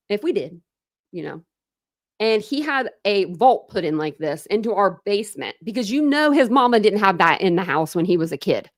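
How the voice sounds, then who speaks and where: A young adult woman from the United States hosts a casual true crime live stream, chatting and responding to viewer comments. Her voice is medium in pitch, and the studio sound is clean with no echo.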